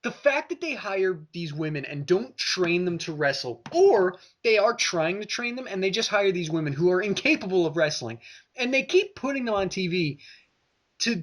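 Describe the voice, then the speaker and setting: A man co-hosting a casual review podcast, ranting and swearing with lively, exasperated energy. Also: high-pitched. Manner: ranting, profane, animated. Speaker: podcast co-host.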